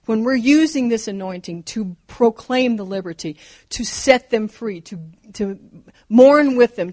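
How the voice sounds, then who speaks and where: A woman's voice: mid-range voice, a little mellow. A woman in her fifties or older preaching a sermon, fervent and emphatic, driving her points home with repeated phrases.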